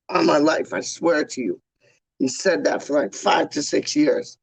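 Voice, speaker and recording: A man's voice: on the high side, unhurried, vocal fry, slightly rough, dry recording, rough recording. A man chatting casually on a live stream, slangy and laid-back, answering questions from viewers. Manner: slangy, laid-back, says "dog" and "straight up". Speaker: vlogger answering chat questions.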